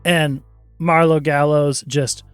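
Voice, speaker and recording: A man's voice: fairly high pitch, flat delivery, takes it slowly, clear, resonant tone, dry recording, faint music behind. A man narrating as game master of a tabletop game, slipping into character voices for short asides.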